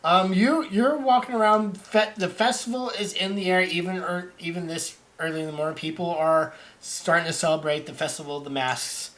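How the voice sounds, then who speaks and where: A man narrating as game master over online voice chat, halting and restarting often. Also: sits high, steady tone, a bit bright. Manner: halting, many restarts and fillers.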